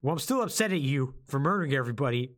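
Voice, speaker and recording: A man co-hosting a podcast, retelling a game's story in a loose, animated way and acting out the lines of its characters. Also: medium pitch, racing. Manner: animated storytelling, acts out quotes. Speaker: podcast co-host. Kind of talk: casual podcast chat.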